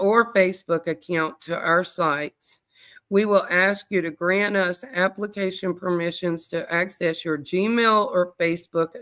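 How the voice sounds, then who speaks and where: A woman hosting a livestream, reading a privacy policy aloud quickly, with sassy asides to viewers. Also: fairly low pitch, fairly bright tone. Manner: reads quickly, breaks off to chat with viewers. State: out of breath. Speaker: true crime livestream host.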